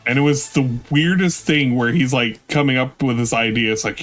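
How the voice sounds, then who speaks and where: A man's voice: mid-range voice, normal speed, few pauses, faint music behind. A man casually commenting on clips during a live stream, mocking and offhand. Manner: mocking, offhand, often swearing.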